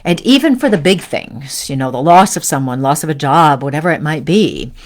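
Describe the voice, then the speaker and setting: Gentle coaching woman, lowish voice. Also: lively intonation, fairly quick. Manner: gentle coaching, frequent "right?" and "okay?" check-ins. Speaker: host. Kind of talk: live-stream spiritual teaching.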